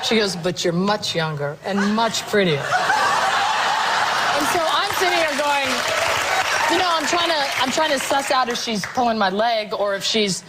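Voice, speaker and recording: A woman's voice: fairly high pitch, big pitch swings, moderate pace, over a noisy crowd. A woman in her fifties, a talk show guest telling a story in a chatty, laughing way. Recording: loud studio audience and noise.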